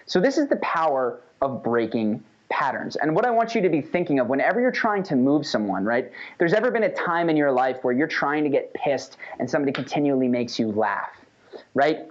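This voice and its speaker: Man instructor, chatty and animated, mid pitch, dull lo-fi recording. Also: a little fast. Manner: animated, conversational, often says "right?". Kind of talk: casual recorded lesson.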